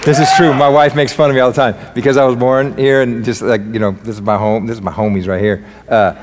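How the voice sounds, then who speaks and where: A man preaching a sermon as pastor in a church, energetic, joking and fired up. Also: mid-range voice, fast, long reverb tail, some chatter behind, a little hiss or hum. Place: church sanctuary.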